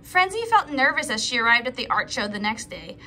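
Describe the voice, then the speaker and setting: Reading a picture book to a group of preschoolers, a woman teacher speaks in a slightly high voice, telling the story slowly and with animation while tossing in little asides to the kids. Slight background noise is audible.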